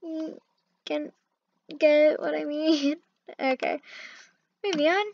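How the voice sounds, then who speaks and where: A woman's voice: high-pitched, fairly even intonation, slow, vocal fry, darkish tone, highs cut off. A woman vlogger reading funny text messages aloud in casual commentary, giggling often as she talks. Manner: giggly, laughs often while talking.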